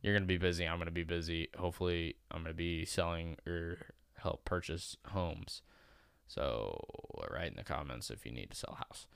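Young male podcast host, low smooth voice, loose rambling chat, dry sound. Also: normal speed, a bit bright, no room sound. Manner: rambling, restarts, swears casually. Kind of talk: casual chat.

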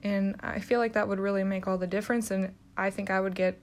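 A woman's voice: medium pitch, flat delivery, quick pace. Give me a young woman nurse vlogging, sassy, teasing and direct. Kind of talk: casual vlog monologue.

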